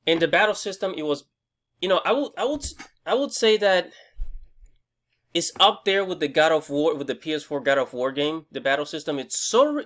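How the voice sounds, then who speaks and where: An excitable young man rambles through a casual game review, swearing freely and tripping over fillers and restarts. His voice sits a little higher than most men's. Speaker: gaming video host.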